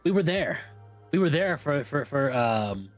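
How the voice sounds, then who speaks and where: A man's voice: fairly high pitch, big pitch swings, a little slow, faint music behind. Laid-back man teasing on stream. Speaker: host's spouse and co-host. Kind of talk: casual chat.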